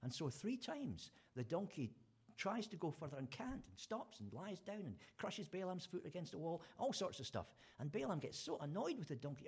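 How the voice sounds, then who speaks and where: Husky preacher, lively telling. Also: male voice, on the high side, moderate pace. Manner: chatty storytelling, many fillers and restarts, acts out quotes. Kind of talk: informal sermon.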